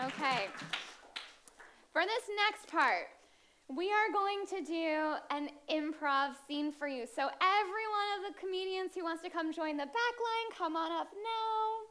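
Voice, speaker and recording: A woman's voice: very high-pitched, a little slow. A woman hosting a comedy show, introducing acts in an upbeat way. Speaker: show host. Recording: loud background noise.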